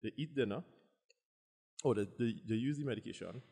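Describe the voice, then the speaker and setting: Husky Trinidadian man telling stories. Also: medium pitch, a little fast, in a large hall. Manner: animated, acts out quotes. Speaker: guest, bodybuilder. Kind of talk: casual storytelling.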